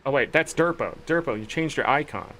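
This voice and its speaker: A man's voice: mid-range voice, a little fast, fairly bright tone, slight background noise. A man giving casual, wry commentary while playing a farm video game, with sarcastic asides. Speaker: gaming streamer.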